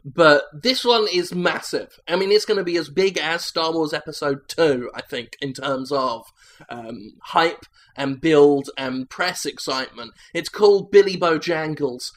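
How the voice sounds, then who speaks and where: A man rambling through an improvised deadpan comedy pitch meeting, hosting a comedy sketch. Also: measured pace.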